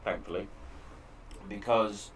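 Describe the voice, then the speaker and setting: A very deep-voiced man talks openly and emotionally as a podcast host. He swears freely in a relaxed chat. Faint background hiss sits under the recording made in a home shed. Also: slow pace. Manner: frank, emotional, heavy swearing. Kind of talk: candid casual chat.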